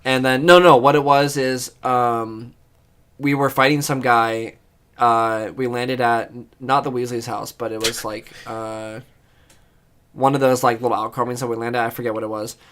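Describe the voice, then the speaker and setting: A man's voice: medium pitch, level tone, normal speed, a bit bright, clean tone. A man co-hosting a podcast, telling a rambling game story in casual chat, full of fillers and swearing. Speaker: podcast co-host.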